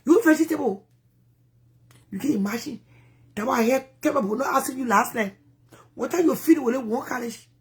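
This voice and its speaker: A woman with a Liberian accent giving animated, rambling commentary in a casual vlog. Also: sits high, moderate pace, long pauses. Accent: Liberian English. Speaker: vlogger.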